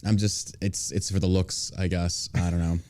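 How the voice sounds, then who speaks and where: A man's voice: low voice, level tone, moderate pace, darkish tone. A man hosting a podcast in casual banter, brash and profane, mocking his critics. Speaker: podcast host.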